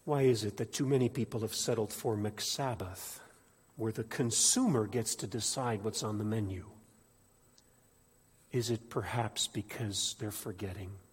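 A man preaching a sermon in a church, animated, swinging between loud emphatic peaks and quiet asides. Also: lowish voice, husky. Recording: echoey hall with long reverb.

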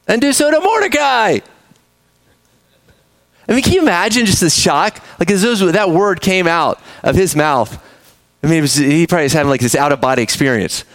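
A man preaching a sermon, telling the story with animated energy, acting out characters and speaking to the kids in the room. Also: on the high side, dry recording. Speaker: pastor.

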